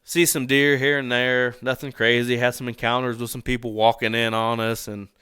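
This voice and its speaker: A young man, guest on a casual podcast, recounts a story animatedly, laughing readily and swearing now and then. His mid-range voice is bright, forceful, smooth and clean. A close mic keeps the sound dry, with no echo or room sound.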